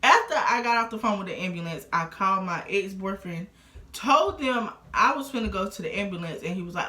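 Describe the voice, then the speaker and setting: A young adult woman with an expressive, sharp-toned, medium-pitched voice talks briskly through a casual storytime vlog, rambling conversationally and using many fillers. The audio has an echoey, roomy quality.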